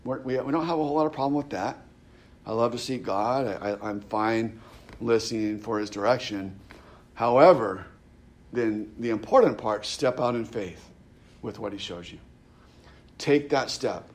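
This pastor's sermon comes in a conversational tone, his mid-range male voice moving at a moderate speed. He keeps restarting and stumbling over repeated words, reading scripture aloud with growing intensity.

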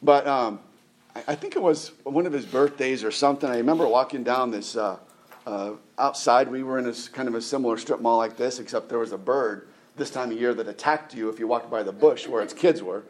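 A middle-aged man giving a conversational sermon as a pastor, often restarting his words and asking the listeners rhetorical questions. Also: mid-range voice. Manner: halting, repeats words, asks rhetorical questions.

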